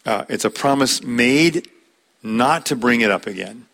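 A man preaching a sermon in a plain, conversational teaching voice, quoting scripture with slow, emphatic phrasing. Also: medium pitch, lively intonation, gravelly, fairly bright tone.

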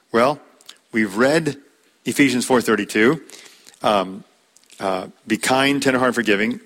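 Man preaching in a slow, conversational sermon. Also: medium pitch, a bit bright. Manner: plain, conversational teaching with scripture quotes.

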